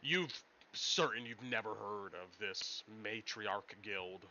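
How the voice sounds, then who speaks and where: Bright-voiced game master, muffled stream audio. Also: male voice, fairly low pitch, slow pace, slight background noise. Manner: relaxed storytelling with frequent ums. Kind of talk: narrating a tabletop game.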